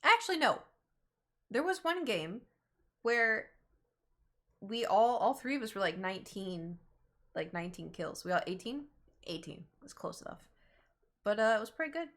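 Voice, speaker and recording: A woman's voice: mid-range voice, very animated, moderate pace, pauses often, a bit bright. Young woman streamer, faint Southern accent, casual and talkative. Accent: slight Southern American. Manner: chatty, self-conscious about her pronunciation. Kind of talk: casual gaming stream chat.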